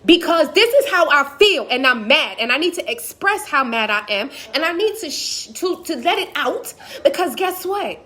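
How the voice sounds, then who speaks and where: Woman, high voice, impassioned, direct-to-audience monologue. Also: very animated, normal speed, pushed and bright. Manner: impassioned, talks straight to the audience. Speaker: motivational speaker. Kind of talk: emotional personal monologue.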